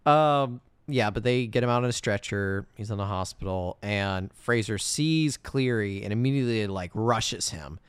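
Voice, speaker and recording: A man's voice: fairly low pitch, clear, resonant tone, dry recording. A man co-hosting a casual movie-review podcast, chatty and teasing. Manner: conversational, teasing, quick laughs. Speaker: podcast co-host.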